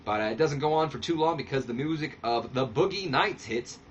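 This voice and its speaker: A man's voice: medium pitch, lively intonation, brisk. Dude narrating his wrestling sim game, laid back and sarcastic, bit muffled with some hiss. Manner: casual, sarcastic and self-deprecating. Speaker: channel host. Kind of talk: let's-play commentary on a wrestling sim game.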